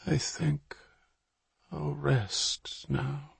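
A man's voice: medium pitch, little pitch movement, slow pace, creaky, breathy edge, no echo, pitched above the performer's own voice, full character voice. A man voicing a gaunt, dying old minister who speaks in a weak, faint whisper. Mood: peaceful. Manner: faint and hushed.

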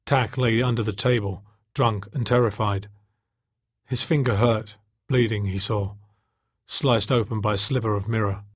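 A man reading a novel aloud in steady, measured narration. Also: fairly low pitch, no room sound, clean studio sound. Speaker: audiobook narrator. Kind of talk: scripted narration.

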